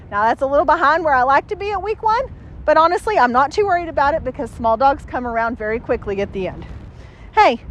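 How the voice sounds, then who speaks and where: A woman's voice: very high voice, slight background noise. A woman dog trainer recorded outdoors, talking casually through a training session and giving a dog lots of upbeat praise. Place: outdoors, cold and windy.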